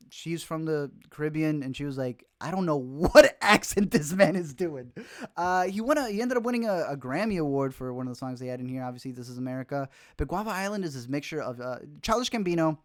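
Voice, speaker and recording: A man's voice: mid-range voice, no echo, studio quality. A young man hosting a casual livestream, talking about films he missed, rambling with lots of fillers and restarts. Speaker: film reviewer, host.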